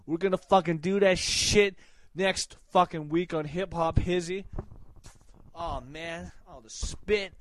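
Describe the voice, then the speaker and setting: A swaggering man rattles off profane shout-outs in a high, bright voice, bursting into sudden yells. He talks slowly and takes his time between lines. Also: fairly even intonation, low-quality recording. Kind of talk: casual hype shout-outs.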